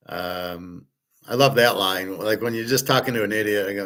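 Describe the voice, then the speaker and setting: Casual monologue, middle-aged guy hosting, crude and blunt, kinda low voice. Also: a little fast, a bit bright, low-quality recording. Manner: blunt, opinionated, crude at times. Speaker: host.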